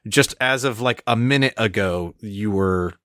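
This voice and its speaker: A man's voice: lowish voice, a little slow, fairly bright tone, dry recording, studio quality. A man co-hosting a casual gaming podcast, laughing often and rambling loosely. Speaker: podcast co-host.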